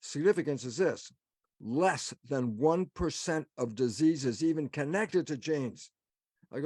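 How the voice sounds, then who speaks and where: A man's voice: medium pitch, animated, a little slow, a little mellow, dry recording, studio quality. Emphatic man lecturing on a webinar. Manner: emphatic, asks himself questions and answers them. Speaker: guest speaker.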